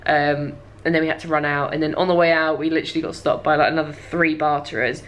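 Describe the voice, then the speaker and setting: A woman's voice: low voice, steady tone, fast, fairly bright tone. A young woman vlogger telling a travel story to camera in a chatty, casual way, laughing often and dropping dry asides.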